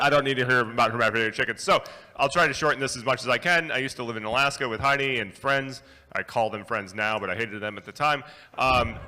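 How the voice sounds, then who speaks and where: A man telling a comic story on stage, animated and self-mocking, acting out the dialogue. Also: medium pitch. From rural New York. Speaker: conference speaker. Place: large hotel ballroom. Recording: live hall with long reverb.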